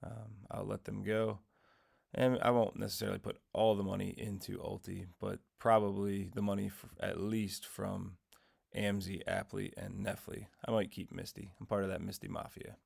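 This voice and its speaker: A man's voice: fairly low pitch, level tone, normal speed, vocal fry, a little mellow, breathy edge. A man hosting his investing channel, giving a casual, rambling weekly recap of his trades and dividends in his morning voice, correcting himself as he goes. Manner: rambling, self-correcting, tells dad jokes.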